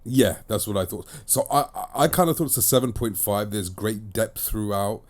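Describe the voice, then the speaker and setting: Chatty male host, slightly low voice, talks in emphatic repeated phrases. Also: normal speed. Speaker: podcast host and disc reviewer. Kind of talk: casual chat.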